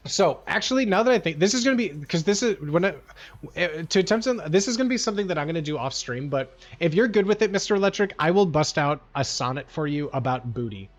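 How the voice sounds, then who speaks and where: A man's voice: on the high side, expressive, quick pace. A man chatting casually on a livestream, rambling and slangy and full of "like" and "bro.". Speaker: livestream streamer. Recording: dull lo-fi sound with faint music.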